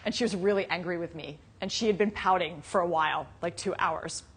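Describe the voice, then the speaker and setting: A woman with a fairly low, fairly bright voice teaches a live Buddhist dharma class on meditation, speaking a little fast over slight background noise. Her manner is casual and conversational, full of "you know"s and asides, and she tells stories punctuated by frequent light laughter.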